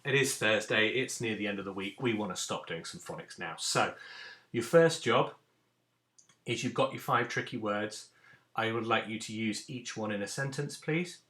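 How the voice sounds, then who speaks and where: A man's voice: lowish voice, brisk, sharp tone. A man teaching a recorded phonics lesson to young children, patiently sounding out letters and words. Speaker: primary school teacher. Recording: echoey room.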